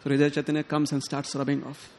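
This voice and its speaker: A man giving a sermon, telling a devotional story in an animated way and acting out the characters' lines. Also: on the high side, quick pace, slight background noise. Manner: animated, quotes characters in lively tones, chuckles often. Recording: long hall reverb.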